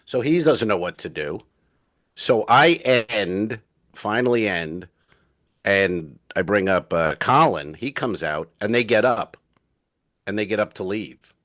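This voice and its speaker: A comedian co-hosting a podcast, rambling through anecdotes in casual chat and acting out the dialogue. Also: male voice, lowish voice, lively intonation, measured pace, fairly bright tone, dry recording.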